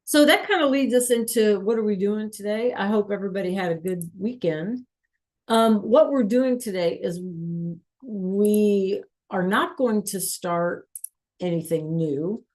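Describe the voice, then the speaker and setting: A woman with a medium-pitched, somewhat dark voice teaches an online Spanish lesson over video call at a measured pace. She often checks in with "right?" and "okay?".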